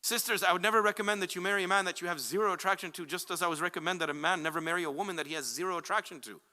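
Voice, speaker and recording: A man, addressed as Sheikh, giving casual, animated advice to a young audience, acting out quoted people with jokes. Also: high-pitched, racing. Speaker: Islamic speaker answering questions.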